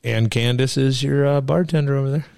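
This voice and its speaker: A man's voice: mid-range voice, fairly quick, creaky, a little mellow, dry recording. A man hosting a podcast, telling crude, rambling, profane stories in casual banter. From Arizona. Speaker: podcast host.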